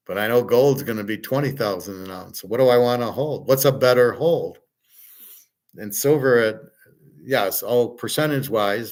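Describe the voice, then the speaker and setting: A man hosting a casual livestream, answering viewers' chat questions in a blunt, opinionated, rambling way. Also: mid-range voice.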